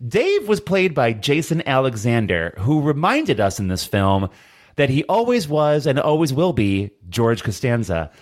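A man's voice: mid-range voice, big pitch swings, a little slow. A man co-hosting a casual horror podcast, reading out film details with joking asides. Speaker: podcast co-host. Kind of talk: casual chat.

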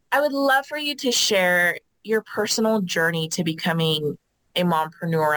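Gushing woman podcast host, low voice. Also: a bit bright, poor audio. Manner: gushing, effusive, rambling. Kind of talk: casual interview.

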